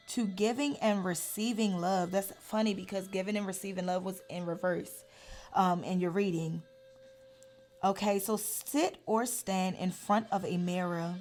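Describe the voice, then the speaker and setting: A woman talks through a tarot reading straight to the camera, earnest and pressing her points hard. Her voice sits at a middle pitch. Faint music plays underneath. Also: darkish tone. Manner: earnest, gets heated and emphatic. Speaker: tarot reader.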